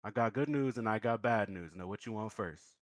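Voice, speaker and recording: A man voicing a blunt small-town sheriff who delivers grim news in a flat, matter-of-fact folksy drawl. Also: lowish voice, moderate pace, dry recording, natural voice. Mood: deadpan.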